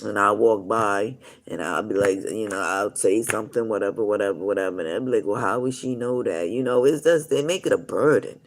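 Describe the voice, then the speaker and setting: Gravelly man telling rambling stories. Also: on the low side, a little fast, hardly any pauses. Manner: rambling, full of "you know" asides. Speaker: live streamer. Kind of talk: casual rambling storytelling.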